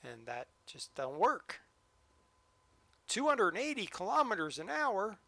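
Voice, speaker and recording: A man's voice: sits high, wildly swooping pitch, a little slow, gravelly, sharp tone, dry recording. A man streaming a train simulator live, joking and chatting to the game as he drives. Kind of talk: live-stream gameplay commentary.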